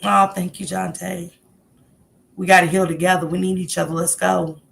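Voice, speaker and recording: A woman's voice: on the low side, level tone, normal speed, creaky, fairly bright tone. A woman hosting a casual livestream, talking heartfelt and encouraging as she greets viewers in the chat by name. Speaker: livestream host.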